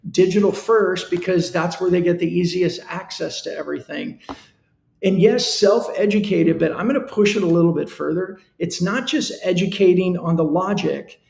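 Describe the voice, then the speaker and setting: A man's voice: sits high, normal speed, creaky, darkish tone, roomy sound. A man hosting a live-stream business talk, speaking earnestly and conversationally in a coaching tone. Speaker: show host.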